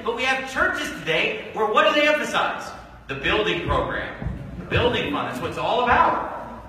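A man's voice: very high voice, sharp tone, recorded from a distance. Fiery preacher man in an echoey hall. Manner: fiery, repetitive rhetorical questions; mocking, sarcastic asides. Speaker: pastor. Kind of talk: sermon. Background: congregation calling out amens.

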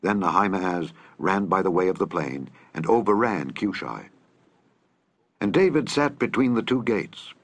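A man reads scripture aloud in a measured, solemn way. His voice is low and husky. The recording is dry and close, with no room sound. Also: no echo. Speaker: scripture reader.

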